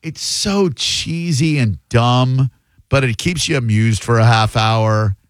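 A man's voice: mid-range voice, slow pace, dry recording. Sarcastic man chatting casually. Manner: sarcastic, teasing. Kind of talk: casual chat.

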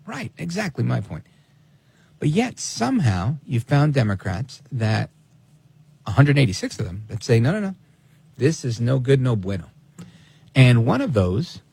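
Animated, gravelly-voiced male radio host. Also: medium pitch, dry recording. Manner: animated and sarcastic, mimics people in quoted asides. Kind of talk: opinionated radio commentary.

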